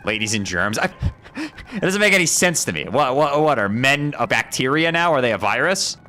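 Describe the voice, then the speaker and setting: A young man streaming a video game live, joking with chat and yelping in excitement when the game surprises him. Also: mid-range voice, moderate pace. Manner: excitable and jokey, voice shooting up when startled.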